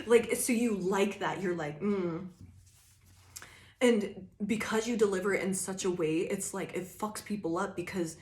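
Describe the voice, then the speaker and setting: A woman's voice: medium pitch, moderate pace, a little mellow, reverberant. A woman giving a casual, rambling tarot reading, laughing often and acting out quoted voices. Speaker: tarot reader.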